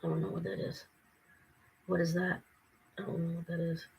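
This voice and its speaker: Worn out woman ranting to camera, breathy, fed up and sarcastic. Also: lowish voice, completely flat delivery, moderate pace, a little mellow, low-quality recording. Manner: weary and frustrated, venting with mocking asides. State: exhausted. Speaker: vlogger. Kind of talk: casual talk to camera.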